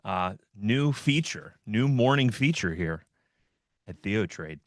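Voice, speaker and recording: A man's voice: fairly low pitch, animated, slow pace, no echo, studio quality. A man hosting a live trading stream, giving casual market commentary in a loose, joking way with plenty of fillers. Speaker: host of a trading livestream.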